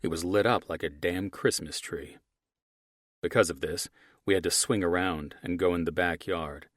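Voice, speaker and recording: A very deep-voiced man narrates an audiobook in the first person, gruff and steady. His voice is recorded close up on a dry studio mic. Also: moderate pace, no room sound. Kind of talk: scripted narration.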